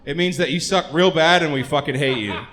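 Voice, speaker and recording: A man's voice: fairly high pitch, fairly quick, a bit bright. A man hosting a live comedy show, crude and joking in a loose, unplanned way. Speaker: host.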